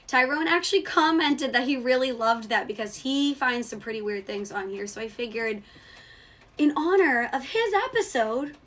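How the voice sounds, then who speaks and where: A woman hosting her own show in sassy, mock-outraged comedic commentary, swearing freely, her voice cracking when it rises. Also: a bit bright. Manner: voice cracks when going high. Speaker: show host.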